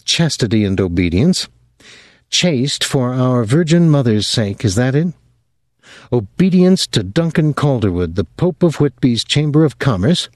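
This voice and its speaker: A man's voice: medium pitch, sing-song, unhurried, darkish tone, dry recording, clean studio sound, voice pushed up. A male audiobook narrator voicing a bitter, sarcastic adult woman with a harsh tongue. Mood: mocking. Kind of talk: audiobook reading.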